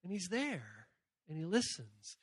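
A man giving an animated youth sermon, telling stories and acting out voices from shrieks to soft murmurs. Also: sits high, measured pace, slightly rough, no echo. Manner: animated storytelling, acts out characters in shrieks and murmurs. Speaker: youth speaker.

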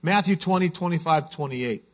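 Earnest preaching man, fairly high voice. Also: moderate pace. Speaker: pastor. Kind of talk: sermon.

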